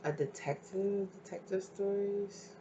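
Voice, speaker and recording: Tarot reader rambling thru a pick a card reading, tons of likes, gets all excited, kinda muffled audio. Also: medium pitch, a little slow, background noise. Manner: chatty, rambling with many filler likes, sudden excited bursts.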